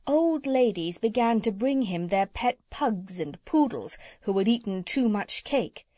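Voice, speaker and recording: A woman narrating a children's audiobook in an expressive storytelling manner. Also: medium pitch, no room sound, clean studio sound. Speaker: audiobook reader.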